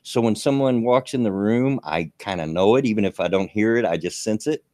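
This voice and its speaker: A man's voice: lowish voice, animated, a little fast, a little mellow, no room sound, clean studio sound. A man, hosting a live stream in a folksy, rambling way with many fillers and restarts. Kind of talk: casual chat.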